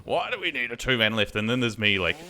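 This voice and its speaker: A man's voice: on the low side, fast, pushed and bright, faint music behind. A young man streaming a game, chatting casually and telling a rambling story with lots of fillers and swearing. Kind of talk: casual chat while gaming.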